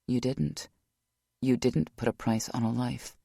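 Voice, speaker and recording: A man narrating an audiobook thriller in a measured, even reading. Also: medium pitch, gravelly, slightly rough, no room sound, clean studio sound.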